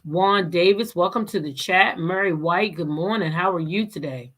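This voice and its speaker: A woman's voice: lowish voice, fairly bright tone. Chatty woman hosting a livestream. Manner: chatty, laughs often, drawn-out greetings. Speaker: channel host. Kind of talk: casual livestream chat greeting viewers.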